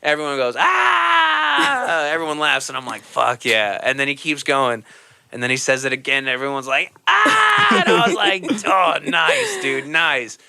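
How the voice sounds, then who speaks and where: A man's voice: medium pitch, normal speed, clear, resonant tone. A man hosting a podcast, telling stories in a casual chat, acting out quotes and laughing often. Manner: animated storyteller, acts out quotes, laughs often. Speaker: podcast host.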